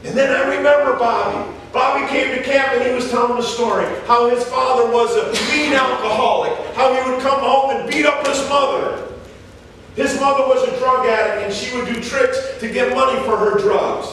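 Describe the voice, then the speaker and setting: A man's voice: very high-pitched, normal speed. A man from San Diego, a wrestling coach, giving a motivational faith talk full of stories and acted-out quotes in a large indoor gym. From San Diego, California. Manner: animated storyteller, acts out the quotes. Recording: echoey hall from far off, faint noise.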